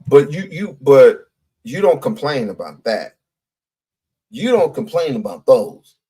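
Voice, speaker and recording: A man's voice: mid-range voice, sing-song, unhurried, warm tone, slightly rough, low-quality recording. A man giving a heated commentary rant, blunt and profane, repeating himself for emphasis.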